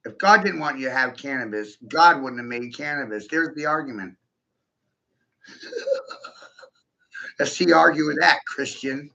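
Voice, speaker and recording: Brief: male vlogger, piercing tense tone with some gravel, giggly profane rant, dull lo-fi audio. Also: mid-range voice, lively intonation, a little slow, pauses often, bright, forceful tone. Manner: profane, giggly, keeps breaking into laughter; rhetorical, addresses the listener directly. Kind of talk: rambling stream-of-consciousness monologue. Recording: dull lo-fi recording.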